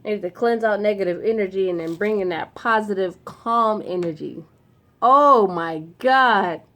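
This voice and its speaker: A young woman in a casual unboxing vlog, talking in an excitable, emotional and slangy way, gushing with gratitude. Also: mid-range voice, brisk. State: throat dry. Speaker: vlogger unboxing gifts.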